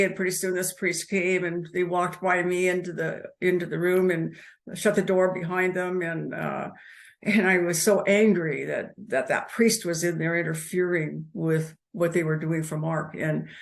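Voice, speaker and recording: A woman in her seventies, an interview guest telling her life story in a halting way, with restarts and soft laughs. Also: on the low side, steady tone, gravelly. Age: 70s. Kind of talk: personal life story told in conversation.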